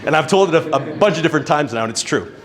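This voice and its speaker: Young man, slightly high voice, casual stage storyteller, animated, curses freely. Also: rapid-fire. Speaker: speaker at networking event. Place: event venue with live audience.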